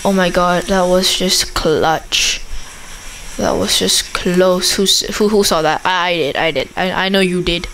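Excitable woman narrating her gameplay, slow-paced. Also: on the low side, slight background noise, poor audio. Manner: excitable, chatters at the game and the zombies. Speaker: gameplay commentator. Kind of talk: casual commentary over a zombie shooter game.

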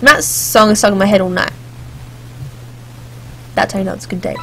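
A woman's voice: medium pitch, steady tone, moderate pace, long pauses, bright, forceful tone, faint music behind. A woman playing a story game, reading its text aloud and breaking off for chatty, joking asides. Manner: chatty, jokey asides, sings snatches. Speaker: let's play gamer.

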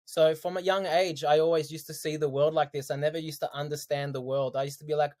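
A man, a podcast guest telling his story in casual, animated chat, laughing often. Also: a little high, fast talker. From Australia.

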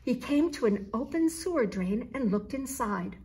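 A woman author reading her children's picture book aloud, in a slow, clear storytelling manner. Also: fairly high pitch, lively intonation, mellow.

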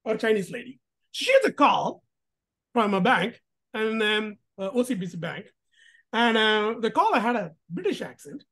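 A woman hosting a casual commentary vlog, talking in an animated, emphatic way with rhetorical questions and restarts. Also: mid-range voice, normal speed. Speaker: host.

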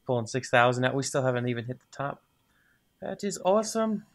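A man's voice: medium pitch, expressive, fairly quick. A man casually commenting as he plays a game, talking to the items and muttering to himself, then cheering when things work. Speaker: gaming video host. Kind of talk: casual let's-play commentary.

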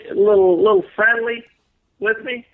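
A man with a Texan accent spins a salty, laughing yarn as a podcast guest. His voice sits a little high and comes through a tinny phone line. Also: very animated, normal speed, gravelly. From Texas. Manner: profane, laughing, drawling storyteller. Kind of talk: casual storytelling on a podcast. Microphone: phone call.

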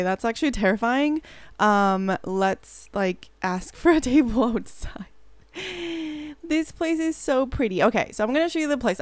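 A woman's voice: a little high, clear, resonant tone, dry recording. A woman hosting a casual gameplay commentary, bubbly and rambling, often gasping and gushing as she talks. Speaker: let's play host.

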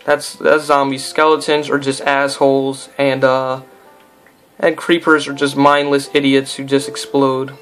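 A man's voice: mid-range voice, flat delivery, a little slow, a bit bright, faint music behind. A young man giving casual, rambling let's-play commentary, goofing around and talking to himself and the game. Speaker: gameplay commentator.

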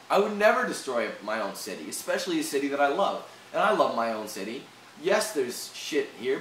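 A man's voice: medium pitch, a bit bright. A young Canadian man venting in a heated, profane rant for his video channel, with frequent restarts. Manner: swearing, heated, repetitive restarts. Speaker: vlogger. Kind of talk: angry rant vlog. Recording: echoey room, far from mic, faint hiss.

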